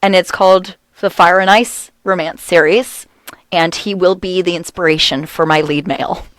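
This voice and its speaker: A woman's voice: on the low side, fairly even intonation, normal speed, no echo. Giggly storytelling woman, dry close sound. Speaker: podcast co-host. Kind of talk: casual chat.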